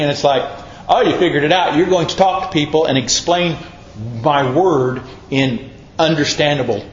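A man's voice: medium pitch, slight background noise. A man preaching a folksy, plain-spoken sermon in a church, acting out the quotes he tells. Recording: echoey, muffled church recording.

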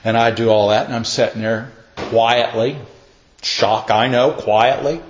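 A man's voice: medium pitch, steady tone, a little slow, slight background noise. A middle-aged male pastor telling a self-mocking story in a sermon, acting out the dialogue in a folksy way. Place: church. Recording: echoey room, dull lo-fi sound.

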